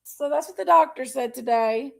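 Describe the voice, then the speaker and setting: A woman chats live with her viewers, greeting each one by name. Her voice sits high and has a gravelly fry. She talks openly and with feeling about her own struggles. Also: normal speed, a bit bright. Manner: chatty, greets viewers by name, says honey and y'all; emotional, open about personal struggles. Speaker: livestream host. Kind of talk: casual chat with live viewers.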